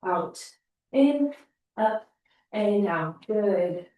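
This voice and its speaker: A pilates instructor, out of breath, counts down reps and encourages her class, recorded on a laptop across an echoey room. Her medium-pitched voice is dark in tone, very slow, with lively intonation.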